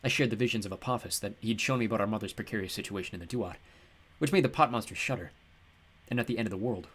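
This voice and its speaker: A man giving wry, expressive first-person audiobook narration. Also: lowish voice, fast talker, slightly rough.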